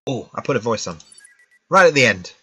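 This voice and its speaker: A man's voice: medium pitch, sing-song, brisk, pushed and bright, breathy edge, faint music behind. A British man giving casual live-stream commentary on a game at home, chatty and full of self-mocking asides. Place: at home with a laptop.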